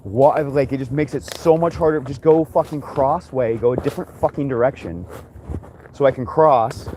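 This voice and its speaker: A man's voice: medium pitch, normal speed, warm tone. A man ranting in a rambling, frustrated monologue while walking his dogs outdoors, swearing often and restarting his sentences. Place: outdoors on a walk. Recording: noisy outdoor ambience.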